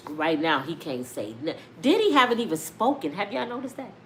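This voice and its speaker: A woman giving casual, profane celebrity gossip commentary in a loud, animated way. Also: lowish voice, brisk, slight background noise. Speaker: vlogger.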